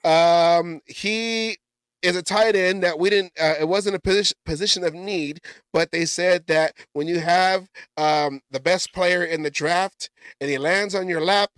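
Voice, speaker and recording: A man's voice: high-pitched, a little slow, fairly bright tone, clear, resonant tone, no room sound, studio quality. A man hosting a casual sports talk show, rambling and often stumbling and correcting himself. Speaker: podcast host.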